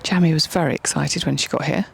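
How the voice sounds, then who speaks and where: A woman with a slightly gravelly voice gives a casual running commentary while she films outdoors on a wet, windy day. She talks in a chatty way and keeps calling encouragement to the horse. There is faint background noise. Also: low voice, fairly even intonation, quick pace. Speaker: filming and commentating at a horse event.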